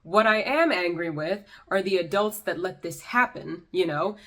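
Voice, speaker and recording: A woman's voice: on the low side, animated, moderate pace. A young woman hosting a commentary vlog, delivering an exasperated, sarcastic rant. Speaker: YouTube commentator.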